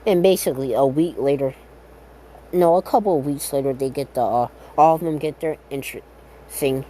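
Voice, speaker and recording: A man improvising a fan-fiction tale out loud in a loose, rambling way. He keeps filling gaps with "uh", correcting himself in the middle of a sentence and dropping in casual curses. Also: on the high side, moderate pace, a little hiss or hum. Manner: rambling, lots of fillers and self-corrections, casual swearing. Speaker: fan storyteller.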